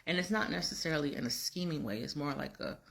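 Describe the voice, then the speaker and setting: A woman's voice: low voice, fast, gravelly, fairly bright tone. Chatty slangy woman recapping a drama. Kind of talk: casual episode recap.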